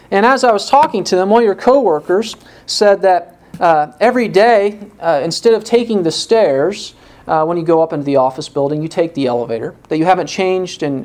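A preacher acting out a calm, matter-of-fact manager who patiently lists a customer's faults one by one. He speaks in a level, explaining tone. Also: sits high.

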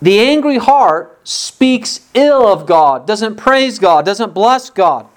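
Emphatic preacher mid-sermon, earnest, middle-pitched voice, leans on repeated words for stress. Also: big pitch swings, slow pace. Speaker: pastor.

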